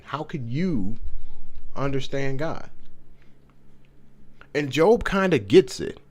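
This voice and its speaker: A man's voice: medium pitch, big pitch swings, slow pace, pauses often, a little mellow. A man leading a casual Bible study, reading scripture aloud and breaking off to explain it in an enthusiastic, conversational way.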